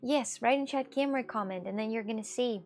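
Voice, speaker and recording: A woman livestreamer chatting casually with her viewers and answering their questions, halting, with many fillers and restarts, and swearing casually. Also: on the high side, a little mellow. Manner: answers chat questions aloud. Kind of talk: casual stream chat.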